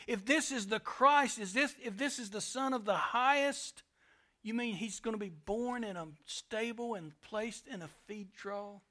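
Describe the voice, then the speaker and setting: A man preaching a sermon with passion, swinging between loud declarations and hushed asides. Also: extremely high pitch. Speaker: pastor.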